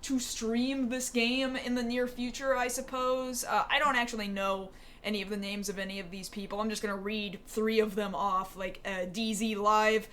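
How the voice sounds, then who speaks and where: A woman's voice: medium pitch, little pitch movement, normal speed, a bit bright. A young woman hosting a casual chat show, rambling and chatty with plenty of fillers. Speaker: show host.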